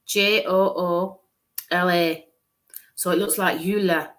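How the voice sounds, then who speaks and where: A woman's voice: lowish voice, fairly even intonation, slow, fairly bright tone. A woman medium giving a live-streamed psychic reading, musing aloud, hesitant, repeating sounds and letters.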